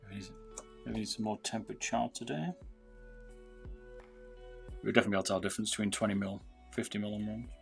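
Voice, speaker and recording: A man's voice: fairly low pitch, flat delivery, quick pace, vocal fry, long pauses, soft background music. A British man chatting casually with viewers on a livestream while soldering, calling people "mate". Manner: chatty, talks to viewers, says "mate" a lot. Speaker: livestreamer modding gaming mice.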